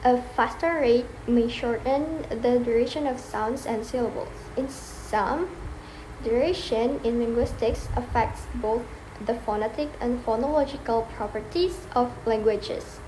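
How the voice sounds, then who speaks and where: A young woman student reads out her part of a class presentation. Her voice sits a little high, and the room lends it a noticeable echo. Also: unhurried, dark tone, a little hiss or hum. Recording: echoey room.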